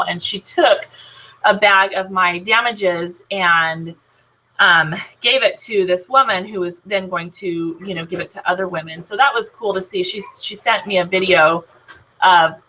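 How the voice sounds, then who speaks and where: Bright, chatty woman leading a team call. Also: lowish voice, poor audio. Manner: chatty, many filler "um"s and restarts, upbeat. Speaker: team leader of a sales team. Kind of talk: casual team training talk.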